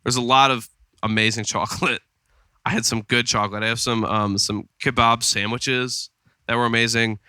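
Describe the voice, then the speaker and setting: This male podcast co-host rambles through stories in casual chat, leaning on plenty of fillers. His medium-pitched voice is steady, bright, forceful, clear and resonant at a normal pace. Recorded on a studio podcast mic with no room sound.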